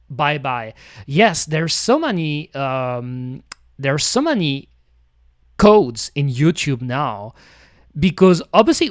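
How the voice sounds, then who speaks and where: Male streamer, casual reaction chat, meandering and full of restarts, voice a touch high. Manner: rambling, many fillers and restarts, non-native grammar slips.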